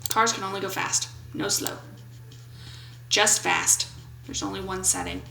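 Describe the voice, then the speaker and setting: A woman's voice: medium pitch, steady tone, a little slow, creaky, echoey room, rough recording. A woman of about twenty-seven, commenting on a game in a playful, goofy way and reading its questions aloud. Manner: playful, goofy, jokes and brief put-on voices. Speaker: gaming YouTuber.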